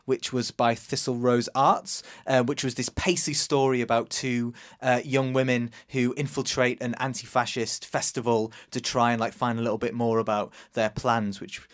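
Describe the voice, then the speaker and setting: A man's voice: mid-range voice, little pitch movement, moderate pace, hardly any pauses. Enthusiastic male podcast host. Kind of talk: casual podcast chat and interviewing.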